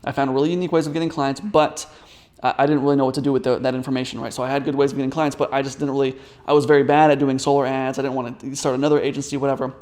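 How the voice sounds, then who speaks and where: A man's voice: mid-range voice, little pitch movement, very fast, a little mellow. A man telling a business story in a casual, rambling way, with many fillers and restarts. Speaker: business coach.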